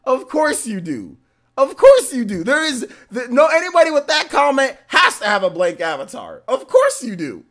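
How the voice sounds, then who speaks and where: A man's voice: very high-pitched, huge pitch swings, moderate pace. A man streaming live, greeting viewers from chat one by one and laughing at trolls in a casual, slangy way. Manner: shouts out chat names, trash-talks trolls, laughs often.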